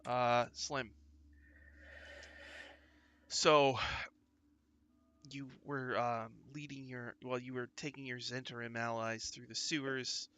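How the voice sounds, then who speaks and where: A man running a tabletop game as game master, narrating in a loose, halting way with many fillers. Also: mid-range voice, level tone, fairly bright tone, smooth.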